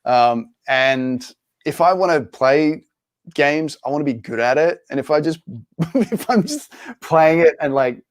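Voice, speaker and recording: Laughing Australian man, animated storyteller. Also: on the high side, measured pace, dry recording. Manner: laughs often, animated retelling of stories. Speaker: guest actor. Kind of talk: casual podcast chat.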